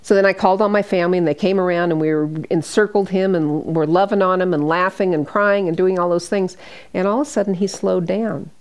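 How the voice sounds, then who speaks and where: An older American woman speaks to a small audience as a hospice nurse, telling patient stories one after another. Her voice sits a little low, and she brings the people she quotes to life as she talks. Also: steady tone, a little fast. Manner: warm anecdotal storytelling with quoted dialogue. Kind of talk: storytelling presentation.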